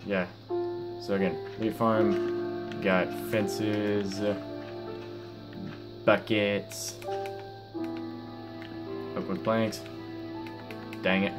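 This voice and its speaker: A man's voice: lowish voice, little pitch movement, drawn-out words, long pauses. A sixteen-year-old boy giving casual, hesitant gameplay commentary, stumbling over his words with many fillers and restarts while his mouth is sore after having his wisdom teeth out. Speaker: gaming YouTuber. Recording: guitar music playing under the voice. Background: guitar music.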